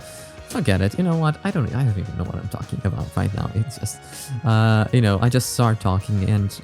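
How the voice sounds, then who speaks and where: A man's voice: on the low side, darkish tone. A young man hosting a reaction video, talking casually in a rambling, self-mocking way. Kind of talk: casual chat.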